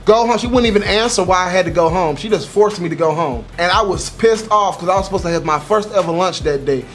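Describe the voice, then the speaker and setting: High-voiced young man telling an angry story. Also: quick pace, faint music behind. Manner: animated, profane, exaggerated. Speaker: YouTuber. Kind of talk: comic storytelling vlog.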